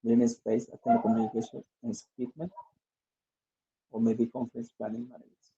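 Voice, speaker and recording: A man's voice: medium pitch, flat delivery, fairly quick, vocal fry, dark tone, slight background noise. A male English teacher, reading exercises aloud and drilling word stress in an online lesson. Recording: dull lo-fi audio.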